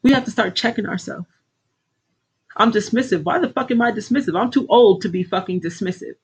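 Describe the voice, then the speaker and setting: A woman's voice: mid-range voice, brisk, slightly rough, poor audio. A middle-aged woman coaching her livestream viewers, blunt, preachy and full of swearing. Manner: blunt, heavily profane, preachy. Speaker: life coach hosting a livestream. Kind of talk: casual livestream pep talk.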